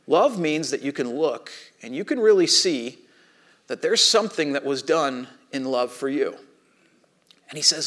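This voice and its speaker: A man in his thirties preaching a sermon, telling a family story with animated, acted-out voices. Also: fairly high pitch, measured pace. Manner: animated storytelling, acts out his own panic and shouting. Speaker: pastor.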